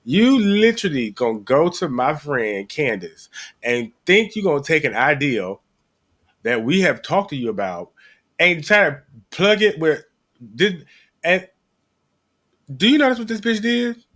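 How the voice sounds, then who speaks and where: A man's voice: on the high side, measured pace. A man co-hosting a casual podcast, telling a story with lots of profanity and acting out the voices of the people in it. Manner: animated storytelling, acts out quoted voices, heavy profanity. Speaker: podcast co-host. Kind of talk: casual chat.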